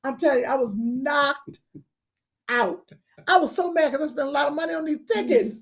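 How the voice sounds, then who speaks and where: A woman co-hosting a casual podcast, talking loudly with laughter and halting restarts. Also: high voice, gravelly. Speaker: co-host.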